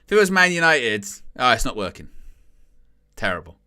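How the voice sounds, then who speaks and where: A man talks through a football match in a relaxed, chatty way, with a bright, forceful voice. He's wry about the game and gets loud and excited when a chance comes. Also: mid-range voice, normal speed, clean tone. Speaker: watchalong match commentator. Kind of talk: casual live match commentary.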